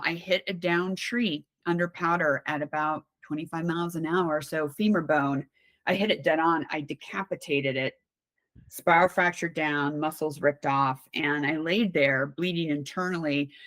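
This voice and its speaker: A woman with a low-set voice talks as a podcast guest. She tells her stories in a candid, animated way, often restarting her sentences. The recording is dry and close. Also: moderate pace, no echo. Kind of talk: casual conversational storytelling.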